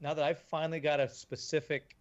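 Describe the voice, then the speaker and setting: A man playing a tabletop game, explaining his plan in a measured way. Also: a little high, little pitch movement, highs cut off. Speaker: player. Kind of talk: casual chat during a tabletop game.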